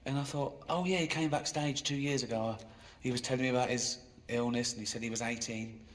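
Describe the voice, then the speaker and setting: A man doing stand-up in a dry, self-mocking way that jumps into high, exasperated squeals. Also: fairly even intonation, brisk. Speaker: stand-up comedian. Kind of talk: stand-up routine. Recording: live comedy club with crowd laughter. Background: audience laughing.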